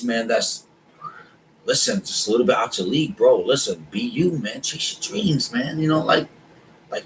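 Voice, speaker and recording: A man's voice: mid-range voice, a bit bright, rough recording. Emphatic, opinionated man co-host in a casual chat, with faint noise behind him. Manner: emphatic, opinionated, says man and bro a lot. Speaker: podcast co-host.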